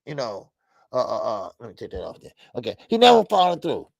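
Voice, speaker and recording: A man's voice: mid-range voice, wildly swooping pitch, fairly quick, gravelly, no echo, studio quality. A man hosting a casual boxing livestream, chatting animatedly, laughing a lot and greeting his chat in profane slang. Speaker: boxing show host.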